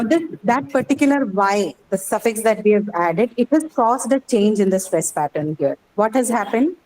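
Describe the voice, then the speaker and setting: A woman's voice: a little high, a little mellow, slight background noise, poor audio. Woman teacher explaining word stress. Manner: explaining patiently, asking checking questions. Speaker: English teacher. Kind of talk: classroom lecture.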